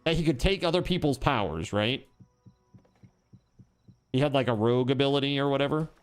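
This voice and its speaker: A man's voice: mid-range voice, animated, fairly quick, clear, resonant tone. A man streaming live, chatting casually, rambling and joking, with swearing.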